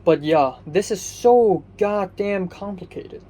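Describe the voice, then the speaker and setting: A man's voice: high voice, animated, slow, warm tone. A young man from Hong Kong ranting angrily and sleepily, swearing constantly and restarting his sentences. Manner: swears constantly, angry and exasperated, rambling with restarts. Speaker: vlogger. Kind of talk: profane personal rant.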